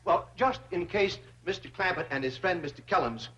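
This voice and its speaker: An actor playing a flustered, fawning banker who grovels in a theatrical way, on an old sitcom soundtrack. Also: male voice, high voice, moderate pace, fairly bright tone. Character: fawning, money-hungry middle-aged banker. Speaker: bank president. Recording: dull old TV soundtrack with hiss.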